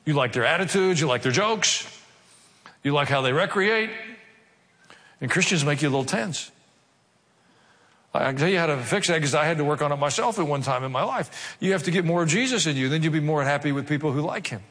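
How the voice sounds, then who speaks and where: A man preaching from the pulpit, with a voice pitched a bit high. He reads scripture and breaks into wry asides, then presses his points with dramatic emphasis. His words ring out with a long reverb, as in a large hall. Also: lively intonation, brisk, fairly bright tone. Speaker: pastor. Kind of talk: sermon.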